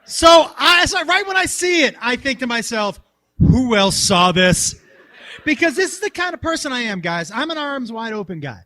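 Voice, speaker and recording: A man telling a story on stage as a stand-up comedian and joking with the crowd, jumping between shouts and mutters. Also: extremely high pitch, big pitch swings, a little fast, hardly any pauses. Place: large hall with a live audience.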